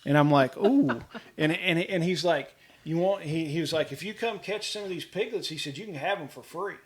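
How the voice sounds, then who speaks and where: A middle-aged man with a slightly raised voice tells casual, lively homestead stories. He keeps slipping into the voices of the people in them and laughs easily as he goes. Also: on the high side, normal speed, a little hiss or hum. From Kentucky, US. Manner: animated, quotes people in dialogue, laughs often. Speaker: homesteader guest. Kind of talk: casual storytelling.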